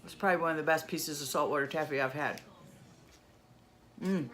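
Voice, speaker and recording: Her pitch sits low and her tone is fairly bright. This vlogger from New York State samples candy at a leisurely pace, enjoying each piece with plenty of delighted humming.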